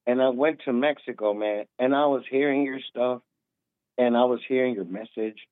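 A man's voice: medium pitch, normal speed, dry recording. A man in his thirties calling in, tipsy from drinking, rambling with lots of restarts and repeats. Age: 30s. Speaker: caller. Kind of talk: casual call-in talk. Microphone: phone. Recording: tinny phone line, dry.

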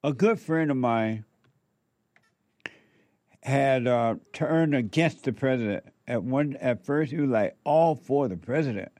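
A man's voice: medium pitch, a little slow, darkish tone, dry recording. A man giving commentary, drawing out words with sermon-like emphasis. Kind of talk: slow, preachy commentary.

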